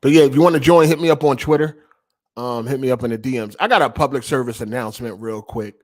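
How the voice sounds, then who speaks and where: A man's voice: mid-range voice, fast, a little mellow. A young man hosting a gaming podcast, ranting casually in heavy slang and profanity. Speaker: podcast host.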